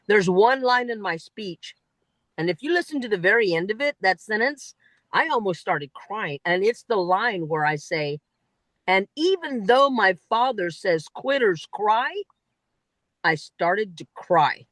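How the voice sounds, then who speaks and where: A woman giving a lively talk that coaches speakers on winning a speech contest, with emphatic delivery and frequent asides. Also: measured pace, dry recording, low-quality recording. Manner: animated, emphatic, swings pitch widely for emphasis.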